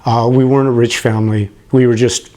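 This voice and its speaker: A man in his late fifties telling a personal story, animated and prone to chuckling, who gets emotional as he talks. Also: medium pitch, fairly quick. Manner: animated, acts out the people he quotes, chuckles as he talks.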